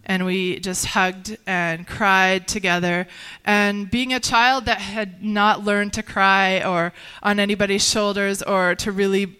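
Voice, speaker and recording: Earnest woman with a smooth, clear voice. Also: mid-range voice, level tone, sharp tone. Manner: earnest, halting, with many restarts and fillers. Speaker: guest sharing a personal testimony. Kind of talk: personal testimony in conversation.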